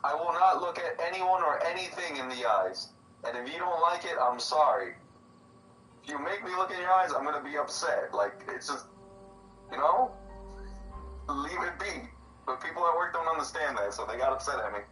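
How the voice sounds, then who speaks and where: A man chatting casually while playing a video game, venting and ranting in an animated way. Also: fairly high pitch, normal speed, soft background music. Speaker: gaming channel co-host. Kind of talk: casual let's-play chat. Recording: roomy, distant from mic, faint background noise.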